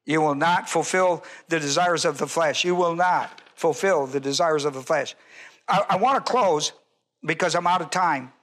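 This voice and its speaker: A man's voice: a little high, normal speed, a bit bright. An older man, a pastor, teaching a Bible sermon in an emphatic, repetitive way and putting questions to his congregation.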